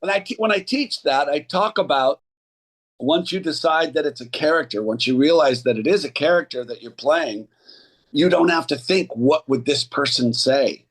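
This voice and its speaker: A man's voice: a little high, moderate pace. A middle-aged actor and acting coach chatting casually as a podcast guest, rambling and restarting as he tells stories. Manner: rambling, restarts often, animated storyteller.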